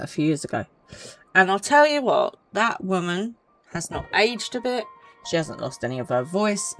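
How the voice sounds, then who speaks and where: A chatty woman on a live game stream, reading dialogue aloud between casual asides. Her voice is on the low side with a lively, animated pitch. Game music plays faintly behind her. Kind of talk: casual let's-play commentary.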